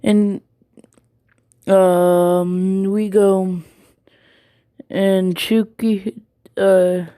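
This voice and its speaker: Slow, mellow woman rambling through a story. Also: mid-range voice, level tone, clean tone, no echo. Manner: rambling, full of ums and likes. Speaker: fan fiction storyteller. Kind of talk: casual story retelling.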